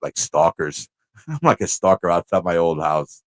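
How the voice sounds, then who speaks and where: A man with a New York accent, a livestream host telling a story in a casual, animated way, acting out voices and laughing often. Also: low voice, normal speed. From Corona, Queens, New York.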